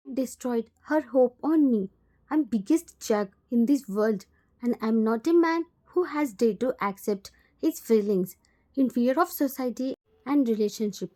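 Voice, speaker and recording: Woman doing a guilty older uncle, indian english accent, mellow higher voice. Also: expressive, unhurried. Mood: remorseful. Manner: pleading, guilt-ridden. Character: remorseful male uncle in his late forties.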